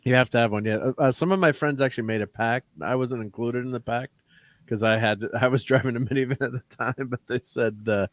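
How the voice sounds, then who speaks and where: A man with a medium-pitched voice, relaxed and quick to laugh as he leads a casual chat among friends. The sound is dry and close, with no room around him. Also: no room sound. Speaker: host.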